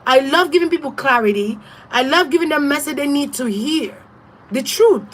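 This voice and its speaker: A high-voiced woman reading tarot who rants bluntly and defiantly. She swears freely and laughs between points. Faint noise sits under her voice. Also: expressive, normal speed. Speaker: tarot reader. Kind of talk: casual livestream rant.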